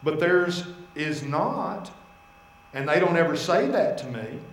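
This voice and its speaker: A male pastor preaching a sermon, telling personal stories with animated asides and quoted dialogue. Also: a little high, slow pace, echoey room, poor audio. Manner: animated storytelling, voicing God and his wife in asides.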